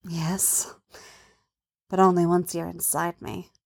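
A woman voicing a proud, teasing young princess, speaking softly and often in a hushed whisper. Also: lowish voice, little pitch movement, slow pace, gravelly, heavily acted.

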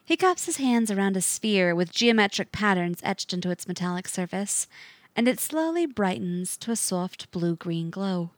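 Woman storyteller, lively pitch, very dry close sound, middle voice. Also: moderate pace, dry recording. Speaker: narrator. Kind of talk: scripted story narration.

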